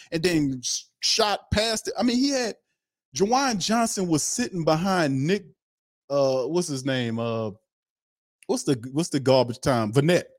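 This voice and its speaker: A man's voice: a little high, no echo, clean studio sound. A man hosting a sports podcast, giving blunt, fired-up opinion commentary, repeating his points and laughing between remarks.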